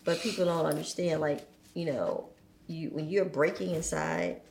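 A woman's voice: sits low, moderate pace, a little mellow, roomy sound, slight background noise. A woman speaking reflectively in a casual conversation, sharing her own experience.

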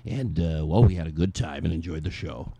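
A man's voice: fairly quick, creaky, dark tone, husky, dry recording. Playful man hosting a comedy chat. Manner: playful, breaks into silly impressions and high squeaky voices. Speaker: podcast host. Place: studio.

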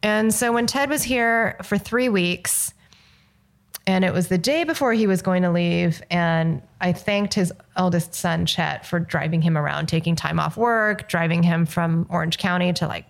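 There's vocal fry in this woman's fairly low voice, and she talks at a normal speed. She's a filmmaker from Los Angeles who, as an interview guest, tells a story while acting out what people said.

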